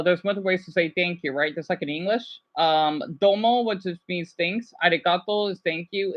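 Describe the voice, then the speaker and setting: A woman chatting casually to her viewers in an excitable way, often stumbling over words as she goes. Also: medium pitch, dull audio. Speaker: vlogger.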